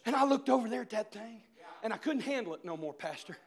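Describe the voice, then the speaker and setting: A male preacher giving a sermon, telling a story with shouted, animated swings. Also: sits high, fast talker.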